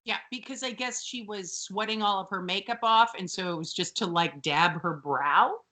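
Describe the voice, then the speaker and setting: A woman co-hosting a podcast, chatting casually and telling stories with animated put-on voices for the people she quotes. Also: medium pitch, normal speed. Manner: animated storytelling, acts out quotes in other voices. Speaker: podcast co-host. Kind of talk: casual chat.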